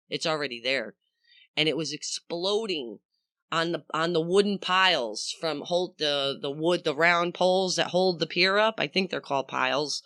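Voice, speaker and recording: A woman hosting a podcast, telling a story in a casual, animated way, swearing freely and talking straight to the listener. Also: sits low, smooth, dry recording, studio quality. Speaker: podcast host.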